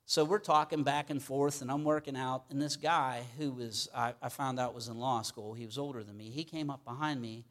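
With a steady, fairly bright mid-range voice, this middle-aged man speaks a little fast and hardly pauses. He's a pastor from Pittsburgh with a Pittsburgh accent, preaching conversationally and repeatedly asking "okay?".

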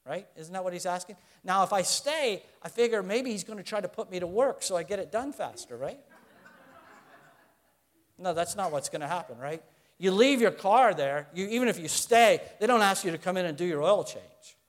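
A middle-aged pastor preaches a sermon earnestly and conversationally, putting questions to the congregation. His voice sits high, is expressive, and moves at a normal speed.

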